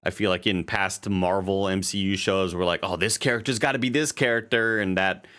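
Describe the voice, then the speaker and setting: A young man with a low, deep voice talks loosely through a show recap. He rambles and swears casually, filling gaps with ums and restarting his sentences. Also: fairly even intonation, brisk, fairly bright tone, clean tone. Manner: rambling, profane, many fillers and restarts. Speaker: podcast co-host. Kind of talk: casual chat recapping a TV episode.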